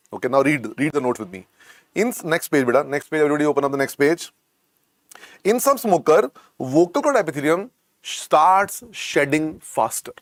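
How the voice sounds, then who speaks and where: Here a middle-aged, Indian-accented man lectures an exam coaching class in medicine, going over every point again and gently urging his students on, addressing them as "beta." His somewhat high voice moves through wide pitch swings. The audio is close and dry.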